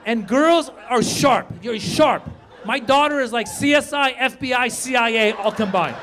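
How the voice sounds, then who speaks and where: A middle-aged man doing a stand-up comedy set on a theater stage, telling animated stories, acting out voices and chatting with the crowd. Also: very high-pitched, moderate pace, a little hiss or hum. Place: theater stage before a live audience. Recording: live room with audience laughter.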